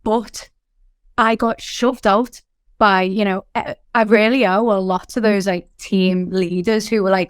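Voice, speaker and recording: Energetic Liverpudlian businesswoman, smooth dry voice. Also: mid-range voice, no room sound. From England. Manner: animated, quick storytelling with frequent fillers. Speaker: company founder, guest. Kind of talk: candid interview talk.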